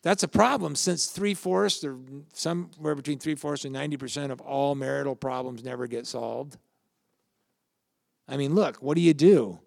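A man's voice: mid-range voice, normal speed, gravelly, a little mellow, dry recording, clean studio sound. An older man, a pastor, giving a conversational sermon with family anecdotes and questions to the congregation.

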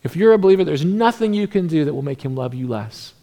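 A pastor giving a sermon in a conversational way, lively at times and dropping to a hushed near-whisper at others. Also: male voice, fairly high pitch, fast talker. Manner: conversational preaching that swings from animated to hushed, near-whispered passages.

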